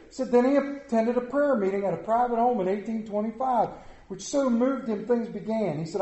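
A middle-aged pastor preaching a sermon, telling folksy stories with self-deprecating humor. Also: male voice, sits high, brisk, mellow, roomy sound.

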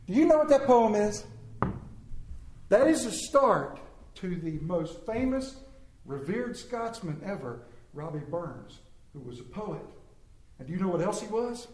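A man telling comic stories to a live audience, animated and playful with emphatic swings. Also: sits high, unhurried, pauses often. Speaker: speaker entertaining an audience. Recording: roomy echo.

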